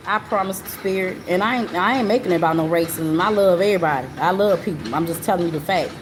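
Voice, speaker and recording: This live stream host is a woman with a fairly low voice who talks fast, sharing a personal story casually. She's earnest and repeats herself, often checking in with the listener by asking "you know what I'm saying?" There's noticeable background noise in the recording.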